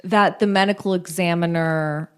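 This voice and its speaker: A woman's voice: fairly low pitch, steady tone, normal speed, clean tone. A woman co-hosting a podcast, reading case details in a casual true-crime storytelling style with joking, irreverent asides. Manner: reads case notes with joking asides and profanity. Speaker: podcast co-host.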